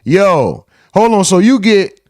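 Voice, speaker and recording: A man's voice: sits high, big pitch swings, slow, no echo, clean studio sound. A man hosting a casual livestream, reading chat messages aloud and bantering in loose, profane talk.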